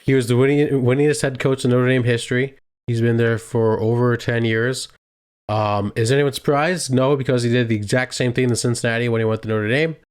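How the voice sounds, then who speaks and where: A young man co-hosts a casual chat podcast in a smooth, brisk, mid-range voice. He steadily leads the segments and puts questions to his co-host.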